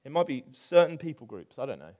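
A middle-aged man preaching a conversational sermon, animated, with asides. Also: mid-range voice, fast, dull audio. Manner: animated, acts out quoted voices, conversational with asides.

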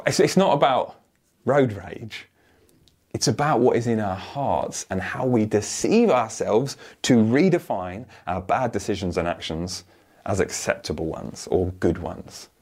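A man preaching a sermon, lively and earnest, acting out imagined voices and often repeating words as he starts a thought. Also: fairly low pitch, unhurried, breathy edge. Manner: animated, acts out voices of others, repeats words when starting.

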